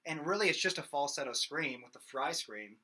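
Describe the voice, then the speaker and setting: A young man with a fairly high, expressive voice gives a casual singing lesson at a fairly quick clip. As a vocal instructor, he rambles loosely, fills his talk with fillers, and now and then bursts into loud sung demonstrations.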